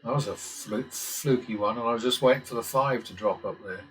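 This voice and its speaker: A man's voice: mid-range voice, brisk, fairly bright tone, rough recording. A man casually talking through simulated blackjack hands, muttering calculations with wry asides and the odd swear word. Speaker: blackjack strategy channel host. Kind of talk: casual commentary while playing simulated blackjack.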